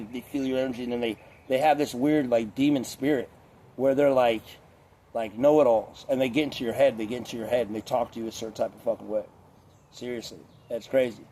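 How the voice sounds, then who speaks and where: A man's voice: medium pitch, warm tone, a little hiss or hum. A man talking in a casual rambling monologue, swearing often and filling his sentences with filler words. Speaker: vlogger.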